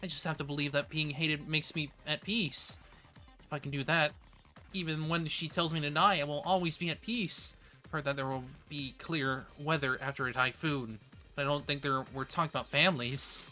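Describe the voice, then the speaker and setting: A streamer reading aloud as a sad child who longs for its mother's love, in a plain, calm delivery. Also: mid-range voice, moderate pace, faint music behind, close to an everyday voice. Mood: quietly resigned. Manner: reading game dialogue aloud in a calm, matter-of-fact way. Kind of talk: reading game text aloud.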